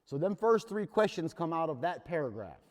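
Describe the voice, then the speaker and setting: A man's voice: fairly high pitch, big pitch swings, a little fast. A man leading a recovery workshop, telling his own story in a plain-spoken, earnest way. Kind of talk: candid personal talk to a recovery group. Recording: long hall reverb.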